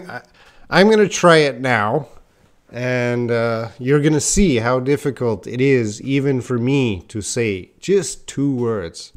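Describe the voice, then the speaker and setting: Male English teacher, live-stream lesson, unhurried delivery, mid-range voice, relaxed and self-mocking. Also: medium pitch. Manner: casual, self-deprecating, addresses viewers by chat names.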